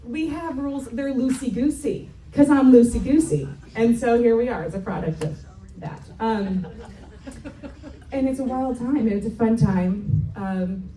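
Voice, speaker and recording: Laughing thirtysomething woman telling family stories at a church retreat, kinda high voice, echoey hall, mic a bit far off. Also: unhurried, warm tone. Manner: chatty, laughing, self-mocking. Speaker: retreat speaker.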